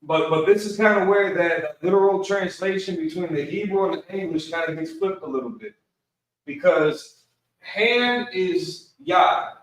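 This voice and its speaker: A man teaches an online Bible class in a loose, casual way, dropping slang as he goes. His voice sits a little high and comes from away from the mic. The room around him is echoey. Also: steady tone, a little fast, hardly any pauses, far from the mic. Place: Milwaukee, Wisconsin.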